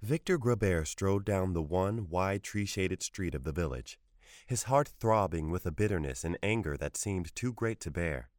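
A man giving a measured, scripted narration of a short story. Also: deep voice, expressive, no room sound, studio quality. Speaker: audiobook narrator.

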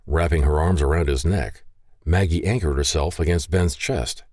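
A man narrating a romance novel in an expressive storytelling manner. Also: rumbling low, moderate pace, no room sound, studio quality. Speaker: audiobook narrator. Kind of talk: scripted narration.

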